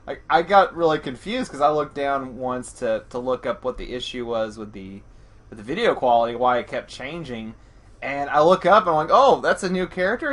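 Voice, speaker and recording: Excitable rambling male podcast host. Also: on the high side. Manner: rambling with many restarts, excitable. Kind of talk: casual chat.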